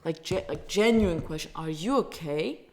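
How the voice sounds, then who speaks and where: A woman's voice: sits low, moderate pace. A woman from Turkey, a native Turkish speaker, ranting in English with heated, profane talk and stumbling restarts. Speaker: vlogger. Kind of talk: angry casual rant.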